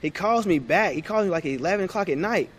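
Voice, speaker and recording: A former point guard in his thirties, talking casually on a podcast. His voice sits on the high side for a man. He tells stories with energy and slips into the voices of the people he quotes. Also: fast, husky. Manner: animated, acts out past conversations. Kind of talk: casual storytelling interview.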